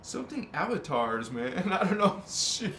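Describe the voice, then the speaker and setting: A man's voice: high voice, very animated, a little slow, fairly bright tone, echoey room, a little hiss or hum. A man hosting a spiritual livestream, musing aloud, joking and swearing as he sounds out a word. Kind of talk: rambling livestream chat.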